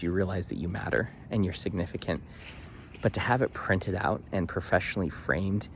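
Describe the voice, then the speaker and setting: A man's voice: sits low, slight background noise. A young man vlogging, telling a story casually with emphatic bursts and lots of fillers and restarts.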